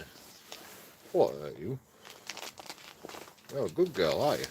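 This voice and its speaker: A man with a lowish voice, talking slowly and coaxingly to his dogs, his pitch swooping up and down. He switches between singsong pet talk and joking, sweary threats. The stream audio has noticeable background noise. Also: huge pitch swings. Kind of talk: casual chat with his pets.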